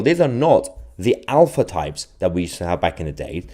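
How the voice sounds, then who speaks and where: A man hosting a live political stream, reading out chat comments with a sarcastic, animated manner and frequent laughs. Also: low-pitched, moderate pace.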